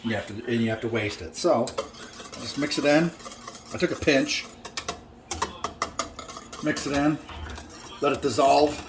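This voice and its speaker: A man's voice: medium pitch, unhurried, pauses often, background noise. Brash joking man in a home kitchen. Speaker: home cook vlogger. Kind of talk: casual cooking vlog.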